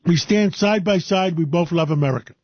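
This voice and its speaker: A man's voice: sits high, brisk, slightly rough, highs cut off. A man hosting a talk radio show, effusive and conversational.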